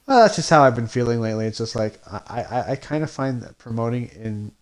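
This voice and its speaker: Casting note: young adult man, indie comics creator, mid-pitched, hesitant and rambling, lots of restarts. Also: lively intonation, fairly quick. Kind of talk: casual podcast chat.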